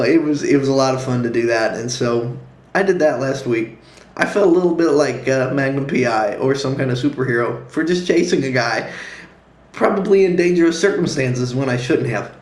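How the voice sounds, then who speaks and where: A man telling a personal story in a lively way, throwing in sound effects and acted-out quotes. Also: mid-range voice. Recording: roomy echo.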